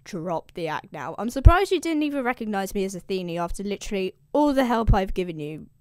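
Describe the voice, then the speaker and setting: A woman's voice: medium pitch, big pitch swings, a little fast, a little mellow, clear, resonant tone, no echo, close to an everyday voice. A woman voicing a sassy goddess who teases in casual modern slang, close to her own voice. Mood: teasing. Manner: teasing, slangy.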